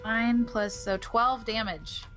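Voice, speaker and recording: A woman's voice: on the high side, fairly even intonation, takes it slowly, fairly bright tone, faint music behind. A woman playing a tabletop game, hesitant and giggly. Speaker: player. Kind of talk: casual tabletop play.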